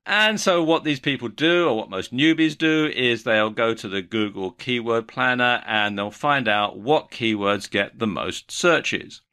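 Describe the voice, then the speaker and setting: Guy doing an online marketing lesson, bright voice, kinda wry. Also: medium pitch, a little slow, hardly any pauses, clear, resonant tone. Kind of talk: scripted video lesson.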